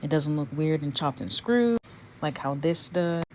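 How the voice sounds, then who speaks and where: A woman's voice: sits low, expressive, a little slow, darkish tone, a little hiss or hum. A woman giving a blunt, profane commentary rant on a video she made, moving between heated complaints and chatty explanation.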